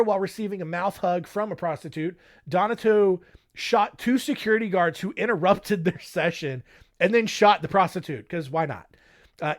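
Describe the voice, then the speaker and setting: A man's voice: on the high side, fairly bright tone. A young man hosting a casual true-crime podcast, narrating with joking, irreverent asides. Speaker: podcast host.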